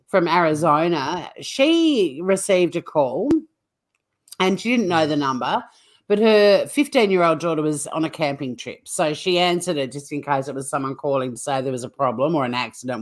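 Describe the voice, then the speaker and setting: A woman, co-hosting a comedy news show and telling stories in a lively, teasing way. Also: sits low, normal speed. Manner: animated, teasing storyteller. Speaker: co-host. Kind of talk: casual comedic news chat.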